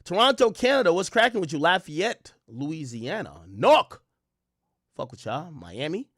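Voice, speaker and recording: A young man hosting a livestream, casually reading his chat and shouting out cities in a loose, profane way. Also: a little high, sing-song, moderate pace, no echo, studio quality. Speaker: livestream host. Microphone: desk mic close up.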